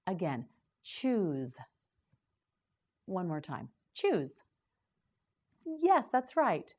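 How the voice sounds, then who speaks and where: A woman teaching English vocabulary to beginners, saying each word slowly and clearly, asking the listener to repeat it, then explaining it in simple sentences. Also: fairly low pitch, a little mellow. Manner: very slow, repeating words for the learner to echo.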